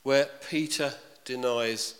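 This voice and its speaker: Bright-voiced preacher in a hall. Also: male voice, medium pitch, fairly even intonation, slow. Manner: conversational, asks the congregation questions. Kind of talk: sermon. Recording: reverberant hall.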